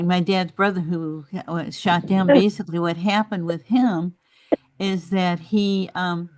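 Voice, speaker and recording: A woman's voice: on the low side, a little mellow. A woman on a group video call, telling family stories in a rambling way with lots of fillers. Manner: rambling storyteller, many fillers. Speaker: group member. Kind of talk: casual chat.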